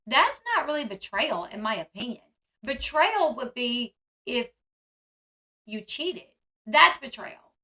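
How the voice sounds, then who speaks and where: A woman's voice: a little high, animated, slow, pauses often, sharp tone. A woman vlogger giving casual, chatty commentary, full of "like" and "um" fillers. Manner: chatty, filler-heavy with frequent "like" and "um". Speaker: vlogger reacting to a reality show.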